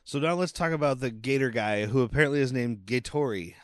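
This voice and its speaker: A man co-hosting a podcast, chatting casually about a film and telling animated stories with quoted asides. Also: medium pitch, fairly quick, no room sound, clean studio sound. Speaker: podcast co-host. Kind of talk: casual film review chat.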